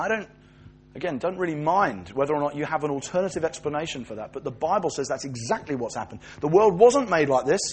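A man's voice: a little high, slightly rough. A man preaching a sermon, telling stories and acting out the voices of the people he quotes.

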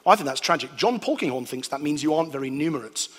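A man giving a lively, animated talk to an audience, acting out sounds and voices. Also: a little high, fast talker, slightly rough. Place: hall with a live audience. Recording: long hall reverb.

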